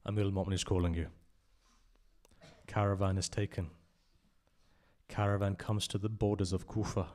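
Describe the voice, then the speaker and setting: With long pauses and little pitch movement, a man at normal speed recites passionately to mourners in a religious centre hall. His voice rises to loud cries and falls low again, and he frequently asks the audience direct questions.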